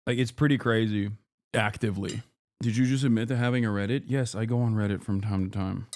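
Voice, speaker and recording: Casual blunt male streamer, rambling and profane, smooth voice. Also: lowish voice, steady tone, brisk, darkish tone, dry recording. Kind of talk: casual reaction commentary. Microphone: streaming microphone with noise gate.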